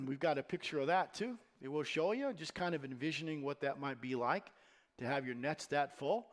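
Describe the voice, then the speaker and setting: A man's voice: fairly high pitch, normal speed. A man preaching a sermon as pastor, in a conversational, storytelling manner.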